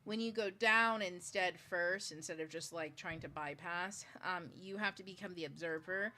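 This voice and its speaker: A woman's voice: fairly low pitch, normal speed, bright, forceful tone, slight background noise. A woman hosting a book club, explaining spiritual ideas in a loose, chatty way, full of fillers and the odd swear word. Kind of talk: casual spiritual teaching talk.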